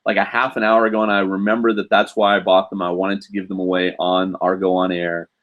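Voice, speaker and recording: A man with a lowish voice hosts a relaxed live stream from home, talking to viewers through a webcam. He rambles easily, stacking ums, uhs and restarts as he goes. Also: brisk, narrow, tinny audio. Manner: rambling, many fillers and restarts. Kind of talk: casual live-stream chat.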